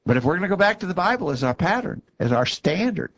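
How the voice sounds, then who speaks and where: A man's voice: high voice, sing-song, quick pace, gravelly, a bit bright, lo-fi sound. Emphatic man teaching from Scripture. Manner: emphatic, repeats himself when insisting. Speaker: co-host of a Bible discussion show. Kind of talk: conversational Bible teaching.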